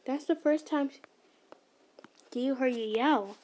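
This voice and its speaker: A woman reads a fan story aloud for listeners. Her voice sits high, her reading casual, with slips, restarts and little asides. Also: takes it slowly, a little mellow. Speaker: ASMR storyteller.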